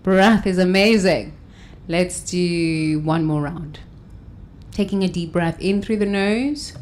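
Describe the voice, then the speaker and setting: A woman hosting a guided breathing session and self-help talk, counting breaths slowly and soothingly, with loud sighs. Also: lowish voice, steady tone. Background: faint instrumental music.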